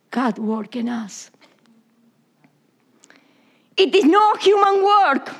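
High-voiced woman preaching in English. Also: big pitch swings, slow pace, creaky, long pauses. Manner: non-native English with Spanish slips, drops to whispers. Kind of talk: sermon.

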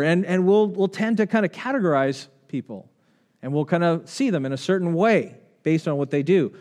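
A man's voice: a little high, expressive, a little fast, darkish tone. A man preaching a conversational sermon, reading scripture and asking the congregation questions. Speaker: pastor.

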